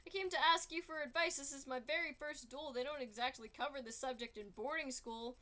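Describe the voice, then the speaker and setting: A woman's voice: high-pitched, brisk, bright, forceful tone. A woman singing as an eager proud young son. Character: young man, nervous but proud son. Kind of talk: singing along while drawing.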